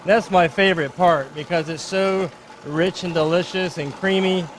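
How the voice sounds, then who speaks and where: High-voiced upbeat chef demonstrating. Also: male voice, fairly even intonation, moderate pace, slight background noise. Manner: upbeat and chatty, explaining each step. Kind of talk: live cooking demonstration.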